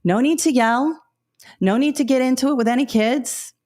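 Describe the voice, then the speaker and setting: A woman giving practical advice to new teachers in a webinar, in a lively storytelling way that acts out what she says to students. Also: high voice, moderate pace.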